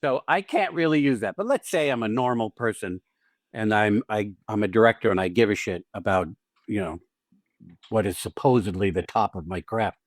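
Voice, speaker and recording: A man's voice: on the low side, moderate pace, no echo, clean studio sound. A man hosting a podcast as an acting teacher, talking casually and animatedly, swearing freely and acting out little scenes with quoted lines.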